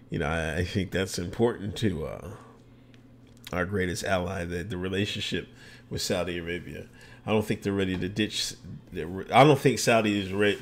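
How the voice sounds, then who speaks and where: A man's voice: sits low, gravelly, slight background noise. A man hosting a casual livestream podcast, answering viewer comments with loose, joking, sarcastic asides and frequent laughs.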